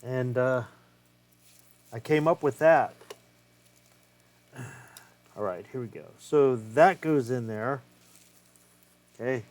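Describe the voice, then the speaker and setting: Slow, easygoing man narrating a repair. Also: medium pitch, a little mellow. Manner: swears freely, thinks aloud while working. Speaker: retro game collector. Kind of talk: casual hands-on repair vlog.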